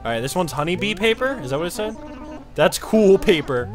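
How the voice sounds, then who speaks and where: A young man giving casual, profane commentary while streaming a game, with frequent loud outbursts. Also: sits high, big pitch swings, brisk, over music. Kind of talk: casual live gameplay commentary.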